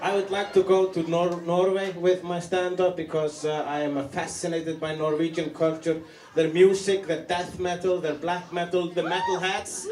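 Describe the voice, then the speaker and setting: A man with an Icelandic accent doing a stand-up set, with a deadpan, halting delivery full of restarts. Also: high-pitched, crowd noise. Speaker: stand-up comedian. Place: comedy club stage. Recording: roomy live club sound from a distance, loud audience. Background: audience laughter.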